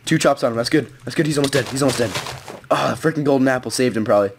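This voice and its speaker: A young man giving excitable, rambling live commentary on his own gameplay as a gaming video host. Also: medium pitch, very fast, creaky, slight background noise. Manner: excitable, rambling, self-narrating play-by-play. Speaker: gaming YouTuber.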